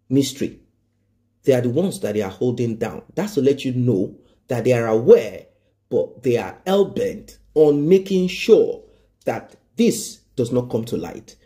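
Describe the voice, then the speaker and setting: A man's voice: medium pitch, dark tone. A man giving emphatic news commentary, stressing points by repeating them and asking rhetorical questions.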